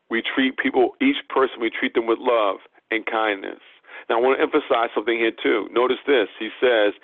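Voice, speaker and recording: A man's voice: medium pitch, no echo. A man preaching a sermon, emphatic and repeating phrases for stress. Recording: tinny phone-like sound.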